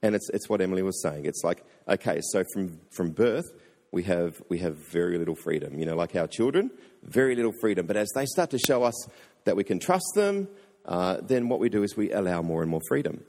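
A man's voice: low-pitched, expressive, a little fast, darkish tone. A man, a pastor telling a personal story in a sermon, earnest and acting out the voices he quotes. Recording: long hall reverb.

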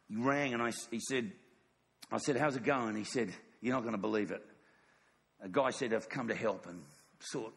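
A man's voice: medium pitch, long reverb tail. A middle-aged man preaching a sermon in a church, emphatic and repetitive, often asking the congregation "yes or no?". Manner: emphatic, repeats phrases, asks congregation "yes or no?". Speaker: pastor.

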